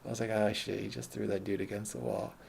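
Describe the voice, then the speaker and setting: Male storyteller, low and dark-toned, casual and profane, meanders and corrects himself mid-sentence. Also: flat delivery, quick pace, creaky, husky. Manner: rambling, profane, self-correcting.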